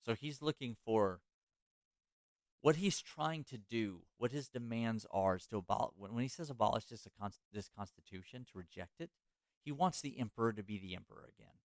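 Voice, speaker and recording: A man's voice: mid-range voice, lively intonation, normal speed, no room sound. A man hosting a podcast, telling a history story in a casual way with many fillers and restarts. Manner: loose, filler-heavy, self-correcting. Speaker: podcast host.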